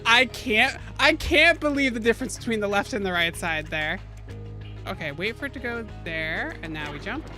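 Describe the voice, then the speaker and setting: A woman streaming a video game, commenting out loud, joking and exclaiming as she plays. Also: mid-range voice, normal speed, music in the background. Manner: animated, exclaims and laughs often, jokes with chat. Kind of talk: live gaming commentary.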